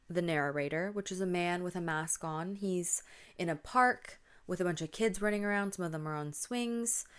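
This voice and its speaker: Woman, podcast host, spooky storytelling, conversational, somewhat low voice. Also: clear, resonant tone. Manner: casual, conversational with fillers. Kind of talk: retelling spooky stories.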